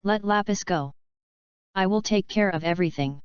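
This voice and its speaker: Angry stern father for a storybook read, woman narrator voicing, clear voice, dull lo-fi sound. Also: medium pitch, normal speed, no echo, lightly acted. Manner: commanding, roaring. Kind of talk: audiobook reading.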